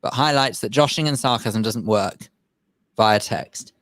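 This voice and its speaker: A man's voice: medium pitch, measured pace, fairly bright tone, no room sound. A middle-aged man co-hosting a radio show, wry and mock-indignant, given to long explanations. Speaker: radio co-host. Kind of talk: bantering radio chat.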